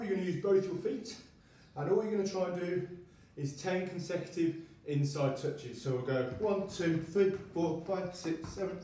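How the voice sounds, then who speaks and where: A man's voice: sits high, mellow, far from the mic, a little hiss or hum. Encouraging male PE teacher in echoey room. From United Arab Emirates school. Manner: encouraging, demonstrating while talking. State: a little out of breath while counting. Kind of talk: home workout lesson.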